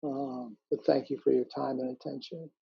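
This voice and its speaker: A man giving a calm, measured dharma talk as a meditation teacher over a video call. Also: medium pitch, gravelly, slightly rough, dry recording. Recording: muffled video call audio.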